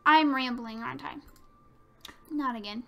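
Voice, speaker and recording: A woman voicing a shy, apologetic bookish teenage girl from a visual novel, speaking softly and hesitantly. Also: sits high, unhurried, vocal fry, heavily acted. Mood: timid. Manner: soft, hesitant, trailing off. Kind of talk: reading a visual novel aloud.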